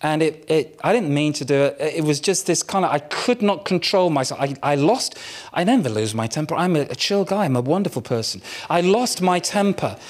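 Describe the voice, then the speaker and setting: A man preaching a sermon, telling a personal story in a candid, self-mocking way with dramatic pauses. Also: a little high, lively intonation. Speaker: pastor.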